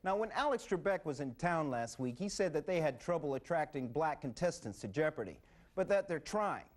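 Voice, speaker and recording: A man's voice: on the high side, big pitch swings, fairly quick. A man giving a wry, dry comedic commentary monologue to camera.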